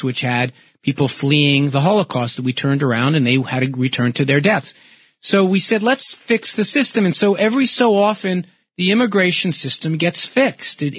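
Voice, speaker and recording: Forceful high-voiced talk radio host. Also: male voice, husky, dry recording. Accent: New York. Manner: forceful, argumentative explaining. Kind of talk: talk radio call-in debate.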